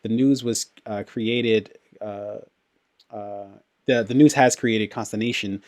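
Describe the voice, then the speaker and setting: A man's voice: fairly low pitch, slow pace. A man co-hosting a casual podcast, reading news then riffing with profanity and slangy put-on voices. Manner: animated, profane, acts out slangy impressions. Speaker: podcast co-host.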